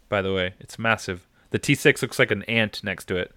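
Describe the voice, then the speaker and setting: Podcast host, man, low voice with a bright, forceful edge, dry close mic. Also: a little fast, hardly any pauses, no echo. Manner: animated, acts out scenes in silly voices. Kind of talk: casual review chat.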